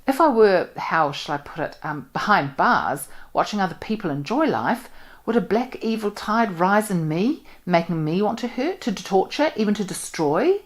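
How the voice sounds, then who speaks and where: A woman's voice: medium pitch, very animated, normal speed, voice pushed up, natural voice. A woman reading aloud and voicing an imaginative young woman who muses intensely in a dramatic way. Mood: brooding.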